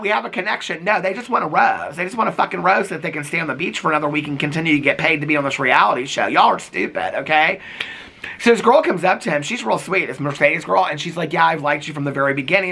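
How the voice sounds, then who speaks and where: Casual vlogger, young man, gossipy and animated, bright tone. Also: on the high side. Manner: animated, gossipy, exasperated asides. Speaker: vlogger reviewing reality TV. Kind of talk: casual chat to camera.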